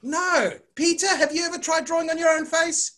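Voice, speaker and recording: A woman's voice: extremely high pitch, normal speed. A woman telling a story to children at church, stopping often to ask them questions. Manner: animated, asks the children questions.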